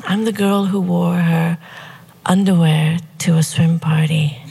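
A woman tells a personal story to an audience, leaning into a hushed, confessional delivery with wry humor. Her voice is breathy and slightly husky, and she takes her time, letting the words land slowly. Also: lowish voice, steady tone.

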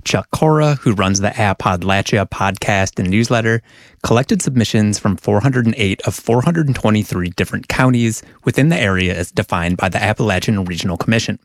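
A man with a low voice narrates a radio news feature in an even, measured way. The recording is dry and close. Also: no echo. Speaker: radio reporter. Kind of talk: news report.

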